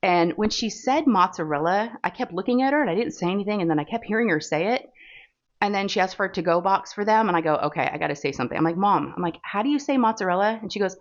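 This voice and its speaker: A woman's voice: medium pitch, fast. A woman with a Texan accent, chatting casually and rambling with fillers as she hosts a crafting vlog. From Texas. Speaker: crafting channel host. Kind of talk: casual chat while diamond painting. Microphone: phone. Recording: dull lo-fi phone recording.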